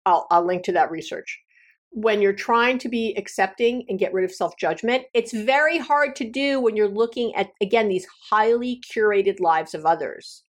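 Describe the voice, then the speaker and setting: A middle-aged woman hosting a solo podcast, talking candidly and chattily as a coach, laughing often and swinging up in pitch for emphasis. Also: normal speed. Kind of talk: casual solo podcast talk.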